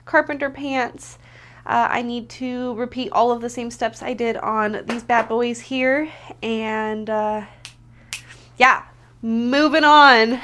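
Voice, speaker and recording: A woman's voice: on the high side, fairly even intonation, slow pace, fairly bright tone, slight background noise. A woman vlogging casually at home to camera, chatty and self-deprecating, thinking aloud as she talks about her own work. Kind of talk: casual vlog talk to camera. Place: at home, indoors.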